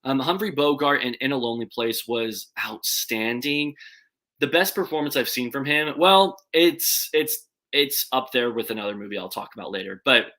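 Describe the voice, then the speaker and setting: A man's voice: medium pitch, expressive, moderate pace, bright, forceful tone. A young man casually ranking movies on a live stream, rambling and correcting himself with enthusiasm. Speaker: movie reviewer.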